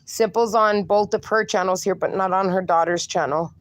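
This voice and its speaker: Speaking at a moderate pace in a medium pitch with fairly even intonation, a woman runs a casual outdoor live stream with her dogs. She chats, reads comments from viewers out loud and switches to baby talk for the pups.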